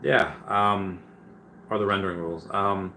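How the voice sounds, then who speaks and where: Low-voiced man chatting on a stream. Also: steady tone, measured pace, pushed and bright, slight background noise. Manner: chatty, many fillers and restarts, reads comments aloud. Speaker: livestream host answering viewer questions. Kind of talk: casual livestream chat.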